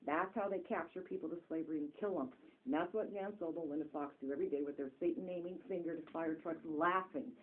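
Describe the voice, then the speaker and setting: A woman's voice: low voice, fast, narrow, tinny audio, slight background noise. A woman who calls herself a spirit medium, giving a rambling and repetitive monologue to camera, recorded on a phone. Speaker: self-described spirit medium.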